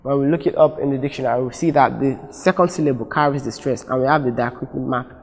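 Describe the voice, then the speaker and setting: Male teacher from Nigeria, mid pitch, methodical classroom delivery, long reverb. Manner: deliberate, explains step by step with repeated phrases. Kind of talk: classroom lesson.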